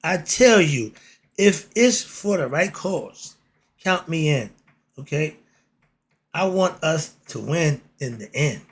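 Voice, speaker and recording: A man's voice: a little high, expressive, slow pace, husky. A man hosting a casual political monologue, blunt and streetwise, asking himself "why?" and answering. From United States. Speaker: commentary channel host.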